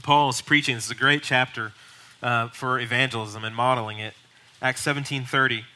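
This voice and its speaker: A man's voice: medium pitch, fairly even intonation, brisk, sharp tone. A male pastor teaching a class in a bold, emphatic, urging way. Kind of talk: teaching sermon.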